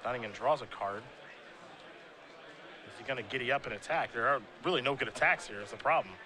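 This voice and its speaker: A man calling a live game play-by-play in a relaxed, conversational way. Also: medium pitch, a little fast. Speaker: play-by-play commentator.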